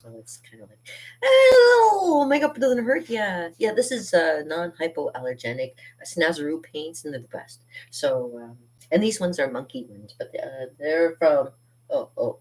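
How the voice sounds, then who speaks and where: A woman's voice: low-pitched, a little hiss or hum. A middle-aged woman hosting a live art stream from her home studio, chatting playfully and rambling with frequent laughs. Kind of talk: casual live-stream chat.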